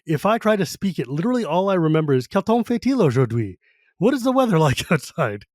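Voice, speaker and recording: A man's voice: fairly high pitch, very animated, quick pace, no echo, clean studio sound. A man hosting a podcast, chatting casually and telling laughing anecdotes. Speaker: podcast host.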